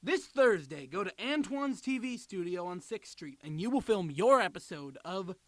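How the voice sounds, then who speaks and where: A man's voice: high voice, animated, moderate pace, a bit bright. An actor playing a cheery father putting on a mock-official announcer tone over the phone. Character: cheery long-lost dad posing as announcer. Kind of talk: indie comedy film acting.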